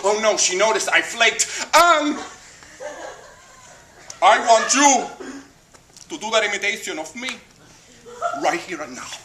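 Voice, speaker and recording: Man doing a shrill bossy schoolteacher lady. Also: animated, a little slow, long pauses, bright, forceful tone, slight background noise, full character voice. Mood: stern. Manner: high, shrill, scolding teacher voice. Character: fussy middle-aged female schoolteacher, flustered and bossy. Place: theater stage. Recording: echoey stage with audience laughter.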